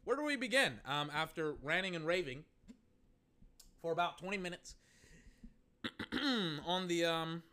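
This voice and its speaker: A reaction video host ranting in an excitable, profane way with a voice getting strained. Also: medium pitch, a little slow, long pauses. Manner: excitable, profane, yelling insults.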